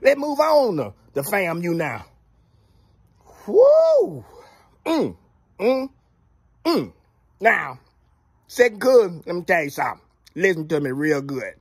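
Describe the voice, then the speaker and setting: A man's voice: sits high, sing-song, measured pace, long pauses, slightly rough, no room sound, clean studio sound. A man giving a casual football recap, drawling and playfully trash-talking. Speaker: sports commentator vlogger.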